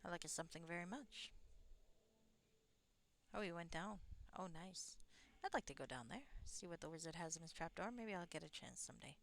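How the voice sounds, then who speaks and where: A woman's voice: fairly low pitch, lively intonation, fairly quick, vocal fry. Playful woman streamer chatting. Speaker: game streamer. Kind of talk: casual gameplay commentary.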